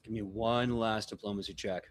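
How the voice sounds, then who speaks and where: A man working as game master, narrating a live tabletop game in a relaxed, casual way. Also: lowish voice, normal speed.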